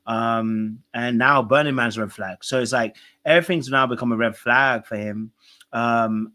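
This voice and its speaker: A man co-hosting a chatty podcast, reflective and unhurried, stacking up opinions one "I think" at a time. He pauses often on small fillers as he weighs what to say. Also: medium pitch, a bit bright. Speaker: podcast co-host. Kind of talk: casual commentary on a reality show.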